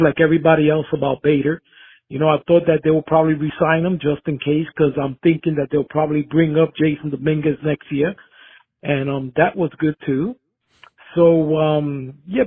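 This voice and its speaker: A man calling in to a sports show with a relaxed, rambling way of talking. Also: fairly high pitch, no room sound. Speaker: caller. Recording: dry, husky phone line.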